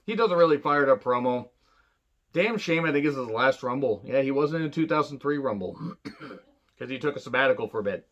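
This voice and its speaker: A man's voice: medium pitch, animated, a little fast, fairly bright tone, muffled recording. A man giving a casual, rambling wrestling retro review, swearing freely and filling gaps with "uh" and "you know.". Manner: rambling, profane, lots of fillers and asides.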